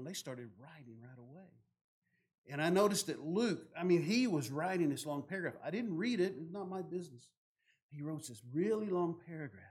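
A man, a pastor telling a story from the pulpit, growing louder and more animated in the dramatic parts. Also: a little high. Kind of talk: sermon storytelling.

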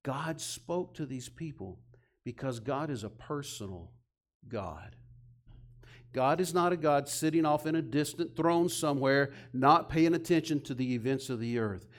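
A man preaching a sermon, retelling scripture with heavy pauses and swinging from loud urgent emphasis to hushed, near-whispered intimacy. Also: medium pitch.

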